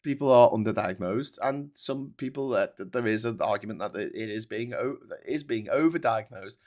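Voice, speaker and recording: A man's voice: on the low side, fairly quick, a little mellow. Sweary ranting man. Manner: sweary, ranting, frequent restarts. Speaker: host reading viewer comments. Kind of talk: casual livestream chat.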